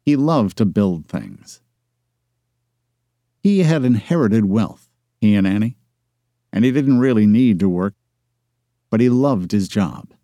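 A male audiobook narrator reading a romance novel in even, measured scripted narration. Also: fairly low pitch, no echo, studio quality.

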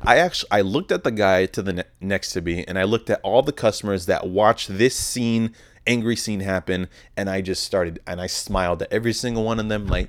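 A man's voice: on the low side, fairly quick. A young man hosting a podcast, telling a story in a rambling, heavily profane casual monologue. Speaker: podcast host.

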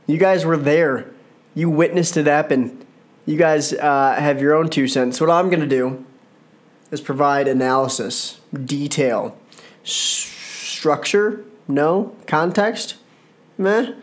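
A man's voice: fairly high pitch, a little slow. Chatty, rambling man reviewing wrestling. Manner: rambling, self-correcting, jokey. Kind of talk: casual solo commentary.

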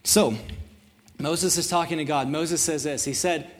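A man's voice: fairly high pitch, steady tone, unhurried. A young man on a church's student ministry staff preaching a sermon, telling stories in a casual, self-deprecating way.

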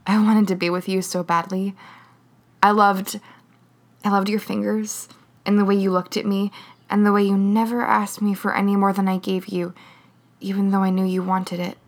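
A woman's voice: medium pitch, level tone, normal speed, lightly acted. A woman reading the lines of a wry, confiding young woman in a story. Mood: tender.

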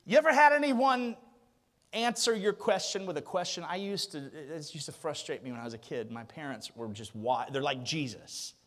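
High, lively preaching man in a hall. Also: moderate pace. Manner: animated preaching with rhetorical questions and swells to a shout. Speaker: pastor. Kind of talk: sermon.

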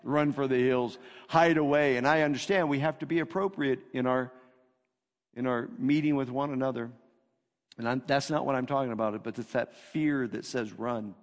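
A male pastor preaching a sermon, emphatic and repetitive, swinging between loud declarations and hushed lines. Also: medium pitch, a little fast. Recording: long reverb of a hall.

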